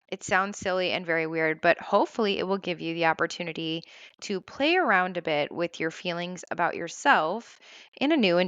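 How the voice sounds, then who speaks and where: Female podcast host, lowish voice, dry close sound, gentle guided-meditation delivery. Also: no room sound. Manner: calm, gentle and reassuring, slow counting of breaths.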